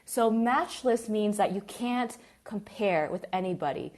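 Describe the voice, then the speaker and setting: A woman teaching a live online English class, chatty and lively, greeting students by name as they join. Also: mid-range voice, measured pace.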